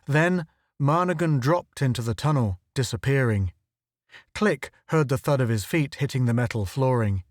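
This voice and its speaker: A man reads a story aloud in a steady, measured narration. His pitch sits in the middle range and the recording is dry and close, with no room sound around it. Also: dry recording. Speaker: audiobook narrator. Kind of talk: scripted narration.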